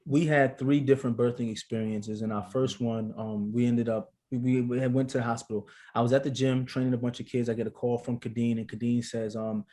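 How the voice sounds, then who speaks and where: A man who is an actor and father, telling a personal story casually as a podcast guest, with lively delivery and casual slang. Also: mid-range voice, a little fast, few pauses.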